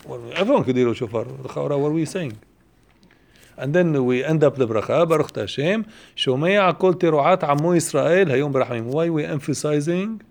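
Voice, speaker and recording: Man, somewhat high voice, teaching a Torah lesson, questioning, repeats himself, fast Hebrew quotes. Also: lively intonation, vocal fry, darkish tone. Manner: questioning, explains step by step, repeats phrases; quotes Hebrew passages quickly.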